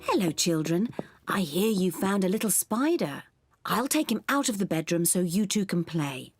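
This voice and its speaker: An actress playing a kind, calm cartoon pig mother who speaks softly and gently. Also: fairly low pitch, normal speed, husky, no room sound, soft background music. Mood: gentle.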